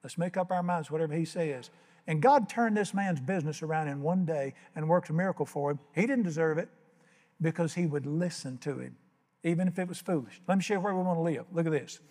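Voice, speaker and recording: A man's voice: fairly high pitch, a little fast, a little mellow, long reverb tail. An older man preaching a sermon as pastor, telling folksy stories and acting out the voices. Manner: folksy storytelling, acts out voices.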